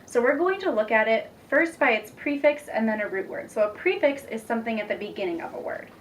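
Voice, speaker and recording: A young woman teacher demonstrating a reading lesson, patient and encouraging, speaking slowly and clearly. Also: fairly high pitch, animated. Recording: distant mic with faint background noise.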